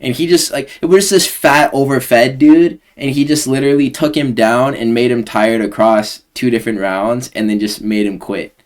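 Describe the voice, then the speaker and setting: A man's voice: medium pitch, steady tone, normal speed, few pauses. A young man hosting casual fight predictions, slangy, rambling and sarcastic. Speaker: host.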